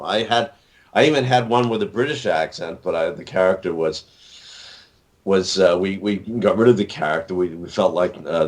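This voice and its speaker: An older man in his sixties, an author being interviewed, talking in a rambling way with many fillers and restarts. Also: low-pitched. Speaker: author and actor, interview guest. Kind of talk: casual interview talk.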